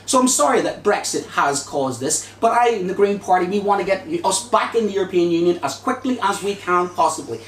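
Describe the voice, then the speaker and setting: A man's voice: sits high, animated, a little fast, hardly any pauses. A man with a Northern Irish accent giving an impassioned, rhetorical debate speech as a Green Party candidate. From Northern Ireland. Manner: forceful, indignant, rhetorical. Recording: echoey hall, distant mic, faint noise.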